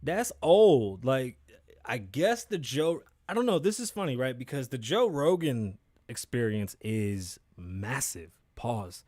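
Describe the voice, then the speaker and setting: A man's voice: medium pitch, a little mellow, no room sound. A man hosting his own podcast, talking in a blunt, profane and rambling way with frequent asides. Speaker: podcast host. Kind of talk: casual solo commentary.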